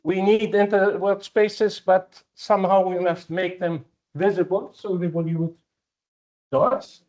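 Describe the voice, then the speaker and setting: A man giving an academic conference talk, speaking as a with frequent fillers and pauses. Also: high-pitched, fairly even intonation, darkish tone, highs cut off. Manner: slow, halting, with many fillers. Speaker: conference presenter.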